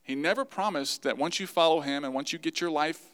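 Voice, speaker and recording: A man preaching a sermon to his congregation, lively and acting out the voices he quotes. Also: on the high side, brisk. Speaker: pastor.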